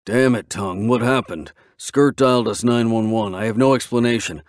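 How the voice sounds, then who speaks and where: A man voicing a commanding male biker club president in an audiobook, curt and gruff. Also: mid-range voice, moderate pace, no echo, clean studio sound, close to an everyday voice.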